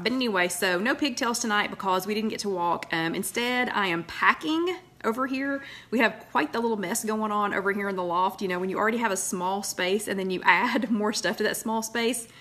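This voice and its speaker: A woman's voice: mid-range voice, pushed and bright. A woman hosting a casual live chat from her loft at home, rambling and greeting viewers one by one. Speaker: host of a live weight-loss chat.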